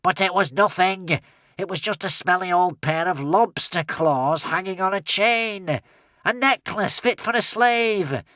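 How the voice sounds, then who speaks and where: A man's voice: high voice, a little slow, bright, forceful tone, no room sound, voice pushed up. A man reading an audiobook voicing a smug, impatient male villain. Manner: impatient, self-satisfied.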